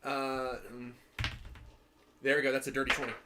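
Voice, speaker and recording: A man playing a tabletop game, easygoing and quick to laugh. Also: medium pitch, monotone, echoey room, heavy background noise. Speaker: player. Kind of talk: casual tabletop game chat.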